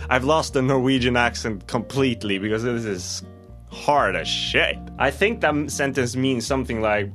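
A man's voice: mid-range voice, a bit bright. A young man with a Swedish accent, vlogging casually and laughing at his own slips as he tries tongue twisters. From Sweden.

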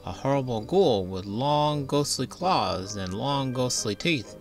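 A man's voice: mid-range voice, expressive, slow, soft background music, pitched above the performer's own voice. A man voicing a jumpy male newt who hisses out urgent warnings in a storybook reading. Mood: scared.

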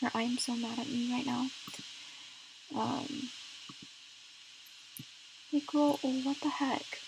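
A woman's voice: sits high, steady tone, slow, creaky, background noise. A young woman casually commenting on a life-sim game she is playing, chatty and exasperated as she scolds her character. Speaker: gaming YouTuber.

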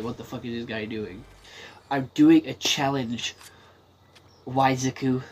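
A gaming streamer with a mid-range voice gives casual commentary on his match, swearing freely and talking himself through the play. There's slight noise in the background.

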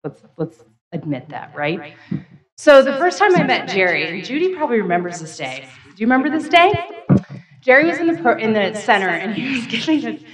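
Woman, 30s, chatty gala emcee, self-deprecating and quick to laugh. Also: on the high side, sing-song, crowd noise, poor audio. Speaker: gala emcee and raptor program staff. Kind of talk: casual storytelling speech at a gala. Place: banquet hall at a live event.

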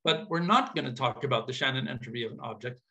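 A man's voice: mid-range voice, fast, pushed and bright. A man giving an informal mathematics lecture, thinking aloud with casual asides and checking that his audience follows.

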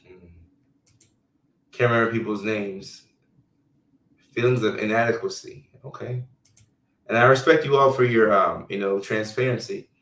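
Man, low voice, loose chatty host, live stream reading comments, roomy echo, distant mic. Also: vocal fry, a bit bright. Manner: loose and chatty, lots of fillers. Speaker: health care provider hosting a live stream.

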